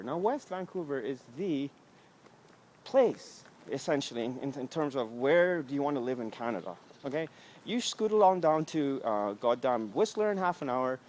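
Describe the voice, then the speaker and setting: A man's voice: a little high, a little mellow, slight background noise. A man vlogging outdoors on a residential street, ranting angrily with heavy swearing and sarcasm into a handheld camera. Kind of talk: profane ranting street vlog.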